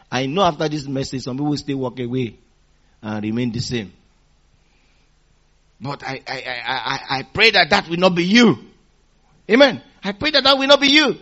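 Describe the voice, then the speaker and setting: A man with a fairly high voice preaches a sermon in call-and-response style, repeating phrases for emphasis and shifting between loud exhortation and quiet teaching.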